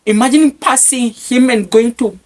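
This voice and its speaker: Animated man telling a story. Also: very high-pitched, normal speed. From Kenya. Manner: animated storyteller, stammers and repeats words, acts out voices. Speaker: guest telling his life story. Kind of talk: lively personal testimony.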